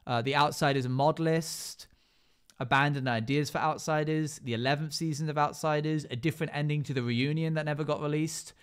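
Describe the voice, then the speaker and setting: Male streamer, smooth clear voice, casual gaming chat, filler-heavy list reading. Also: fairly high pitch, steady tone, fairly quick. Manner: rattles off long lists with many fillers.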